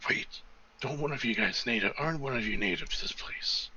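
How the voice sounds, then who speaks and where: A game master voicing a gruff male guide who leads the party through the sewers, in a curt, hurried way. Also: mid-range voice, bright, forceful tone, recorded from a distance, slight background noise. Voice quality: gravelly, husky. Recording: dull lo-fi sound.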